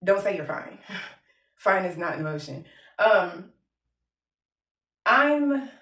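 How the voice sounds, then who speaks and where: A woman's voice: medium pitch, sing-song, takes it slowly, fairly bright tone, distant mic. A woman vlogging candidly at home, talking in a blunt, profane, self-mocking way that keeps joking through grief. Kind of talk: candid personal vlog. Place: her home, moving between rooms. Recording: roomy echo, off from the mic.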